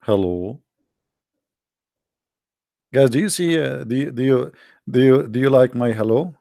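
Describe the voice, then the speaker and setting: A man's voice: mid-range voice, unhurried, gravelly, dark tone, no echo, clean studio sound. A man with an Arabic accent hosting his channel, giving sarcastic, mocking commentary with rambling asides. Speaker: channel host. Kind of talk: mocking religious commentary stream.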